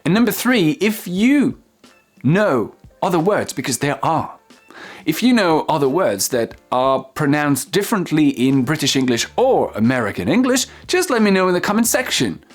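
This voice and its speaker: A teacher with a French accent giving a casual online pronunciation lesson, slowly repeating words with fillers. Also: mid-range voice, very animated, faint music behind. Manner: slow, repeats model words, many fillers.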